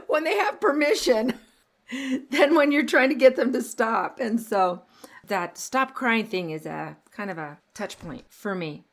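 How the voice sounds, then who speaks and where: A woman's voice: sits high, expressive, slow pace. A woman in her sixties hosting a podcast interview, talking casually, often agreeing and laughing along. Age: 60s. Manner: frequent affirming backchannels, warm laughter. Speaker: podcast host.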